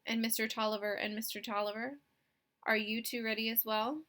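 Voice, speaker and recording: Upbeat teacher lady, encouraging, bright voice, as the reader plays her. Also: a little high, level tone, a little fast, lightly acted. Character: woman schoolteacher, upbeat and encouraging.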